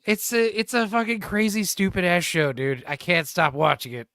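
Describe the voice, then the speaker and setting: A man's voice: high-pitched, lively intonation, moderate pace, a bit bright, dry recording, studio quality. A man hosting a podcast, rambling and profane in casual chat, laughing often. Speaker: podcast host.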